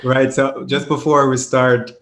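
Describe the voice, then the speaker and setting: A man hosts a podcast, speaking in a friendly, casual way and sometimes starting a sentence over. His pitch is moderate, neither high nor low. The recording has a noticeable room echo. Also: little pitch movement, a little slow, fairly bright tone, a little hiss or hum. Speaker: podcast host. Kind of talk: podcast intro and casual interview.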